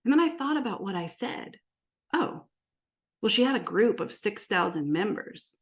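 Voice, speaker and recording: A woman who works as a marketing coach, giving an energetic, animated presentation full of stories and rhetorical questions. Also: mid-range voice, a little fast. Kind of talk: presentation to an audience.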